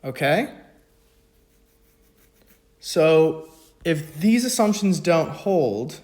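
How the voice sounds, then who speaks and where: A man talking through an economics math problem in a casual lesson, with joking, self-mocking asides between steps. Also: a little high. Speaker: economics video tutor. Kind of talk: casual spoken math walkthrough.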